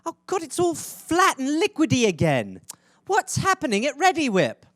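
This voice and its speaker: A man's voice: extremely high pitch, wildly swooping pitch, normal speed, fairly bright tone, dry recording, studio quality, pitched above the performer's own voice, heavily acted. A man doing an impression of his exasperated mother complaining at the fridge.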